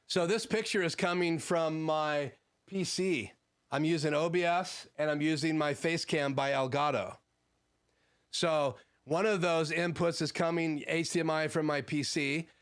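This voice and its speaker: Male streamer, clear voice pitched a touch high, relaxed gear-talk from a home studio. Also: measured pace. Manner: conversational, frequent "um" fillers, explanatory. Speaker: livestream host. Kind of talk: casual gear talk answering live chat.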